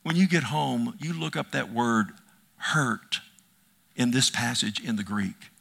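Emphatic preacher man with a bright voice. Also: medium pitch, a little slow, vocal fry. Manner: emphatic, swinging from loud proclamations to hushed asides; repeats phrases for emphasis, calls out amen. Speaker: pastor. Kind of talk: sermon.

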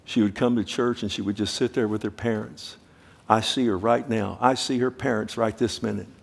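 A middle-aged man preaching from the pulpit with a lowish, gravelly voice. He pushes his points with urgency, repeats phrases and keeps asking the congregation if they are listening. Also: steady tone, normal speed. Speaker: pastor. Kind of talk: sermon.

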